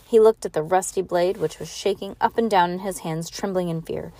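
A woman's voice: fairly low pitch, brisk, dark tone. A woman reading a novel aloud to her child in a casual, homey way, now and then stumbling over a word and starting the line again. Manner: casual, stumbles and restarts, laughs and comments between passages.

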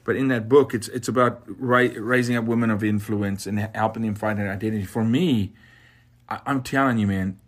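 A man's voice: on the low side, steady tone, brisk. A man hosting a faith podcast, speaking in an impassioned, exhorting way. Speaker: podcast host.

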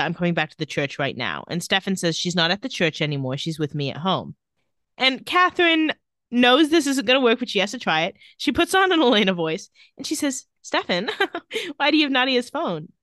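A woman's voice: medium pitch, sing-song, fairly quick, a bit bright, dry recording. A woman co-hosting a podcast, casually recapping TV scenes with quoted lines and dry asides. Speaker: podcast co-host recapping a TV episode. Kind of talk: casual chat.

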